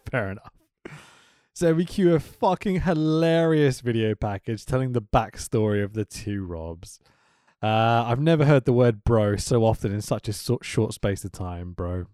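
A man's voice: mid-range voice, a little slow, dark tone, clean tone, no echo, studio quality. A man co-hosting a casual wrestling recap podcast, laughing often and swearing freely. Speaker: podcast co-host.

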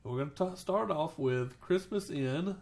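A woman's voice: low-pitched, measured pace, a little mellow. A woman co-hosting a casual podcast chat, explaining things step by step. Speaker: podcast co-host.

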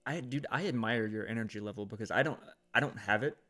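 A relaxed man in casual conversation who swears freely and laughs often. His delivery is unhurried and easygoing. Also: fairly low pitch. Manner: laid-back, swears often, laughs a lot. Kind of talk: casual chat.

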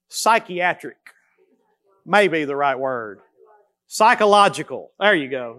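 A man, preaching a sermon as pastor, swinging between loud emphasis and quiet, slow repetition. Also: fairly high pitch, lively intonation.

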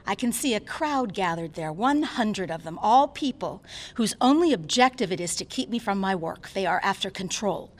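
An actress performing a dramatic stage reading as a frightened, defiant woman doctor under attack, moving from hushed dread to bursts of screaming. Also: medium pitch, lively intonation, normal speed, natural voice. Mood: tense. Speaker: actor performing a diary monologue.

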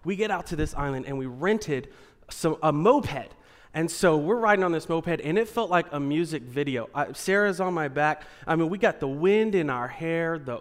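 A man telling a comic personal story to an audience, animated, dropping to a hush and then rising loud again. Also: fairly high pitch. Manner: animated, swinging from hushed to loud and laughing. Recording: long hall reverb.

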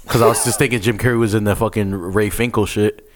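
Low-voiced laid-back man chatting. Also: fairly even intonation, fast talker. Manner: laid-back, slangy, drops dry quips. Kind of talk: casual chat.

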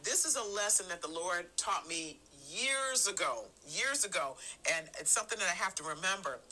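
A middle-aged woman giving an earnest sermon, stressing her phrases and stretching some words out slowly. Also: lowish voice, lively intonation, pushed and bright, a little hiss or hum, rough recording. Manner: earnest, emphatic, drawn-out phrases. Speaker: church speaker.

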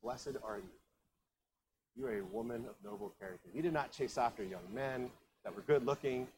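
A man voicing a kindly, protective older landowner in a gentle, reassuring, hushed voice during a sermon. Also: mid-range voice, a little fast, a little hiss or hum, close to an everyday voice. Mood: tender.

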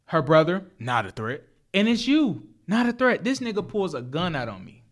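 A young man with a notably high voice tells a story in loose, casual chat. He is animated and profane, drops street slang, stumbles through restarts, and laughs often as he goes. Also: moderate pace.

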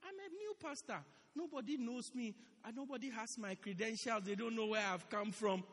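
A pastor preaching a sermon in a church, animated and repeating his phrases for emphasis. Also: very high voice, moderate pace. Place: church hall. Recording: echoey church hall.

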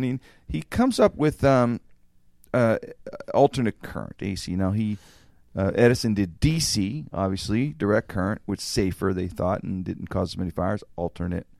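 A man with a low, gravelly voice tells a rambling story on a podcast. He swears freely and acts out each quote in the chat, recorded close and dry. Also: animated, normal speed, no echo. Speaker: podcast host.

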